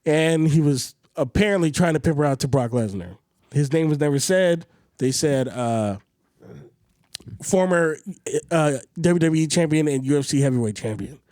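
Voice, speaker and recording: A man with a fairly high voice holds forth on a podcast in casual chat. He rants hard, swears a lot and swings his pitch up and down. The sound is close and dry, with no room around it. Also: moderate pace, no room sound. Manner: animated, profane ranting with swinging pitch. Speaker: podcast co-host.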